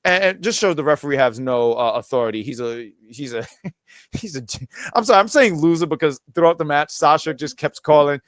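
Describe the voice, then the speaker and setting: A man's voice: a little high, expressive, a little fast, no echo, clean studio sound. A man hosting a podcast in casual chat, talking with enthusiasm and many stumbling restarts. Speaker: podcast host.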